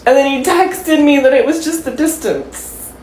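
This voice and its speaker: A woman's voice: sits high, a little mellow, roomy sound, slight background noise, low-quality recording. Tearful woman rambling into her phone. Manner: rambling, halting with fillers. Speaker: TikTok poster. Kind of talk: confessional vlog.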